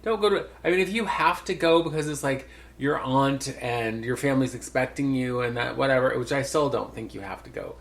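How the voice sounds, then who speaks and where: A man in his sixties hosting a casual podcast chat, telling stories with animated asides. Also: mid-range voice, fairly quick, gravelly. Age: 60s. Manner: chatty, storytelling, animated asides. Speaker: podcast host.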